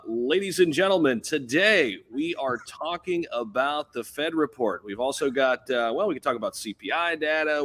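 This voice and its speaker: A male co-host in a casual live chat. His voice runs a bit high, and he stays relaxed and laughs easily. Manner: relaxed, laughs easily, mock announcer bits.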